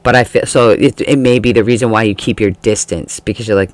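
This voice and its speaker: A man's voice: lowish voice, steady tone, brisk, hardly any pauses. A man giving a casual tarot reading, chatty and laughing often, acting out the feelings he describes. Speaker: tarot reader.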